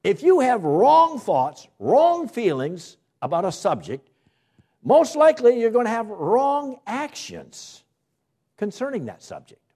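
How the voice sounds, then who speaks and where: Man preaching with a lively, swooping voice. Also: extremely high pitch, slightly rough. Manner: preaching with dramatic pauses and emphatic rises. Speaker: pastor. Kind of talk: sermon. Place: church.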